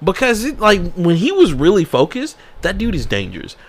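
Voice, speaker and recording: A man co-hosting a podcast in casual chat, excitable and swinging from low mutters to high yelps. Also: moderate pace. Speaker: podcast co-host.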